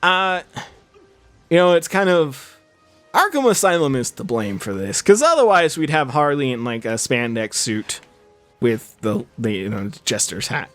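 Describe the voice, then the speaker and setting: Rambling young man with a lively pitch. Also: unhurried, no room sound, soft background music. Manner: rambling, chatty, lots of fillers and restarts. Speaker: gaming channel host. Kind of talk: casual let's-play commentary.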